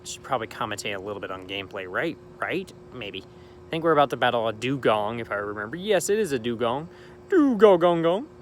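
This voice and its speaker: A young man hosts a casual game playthrough, chatting and rambling in an upbeat way. His voice sits at a medium pitch, recorded outdoors at night with a faint hum in the background. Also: lively intonation, fast, a bit bright. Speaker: gaming channel host. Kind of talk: casual let's-play commentary.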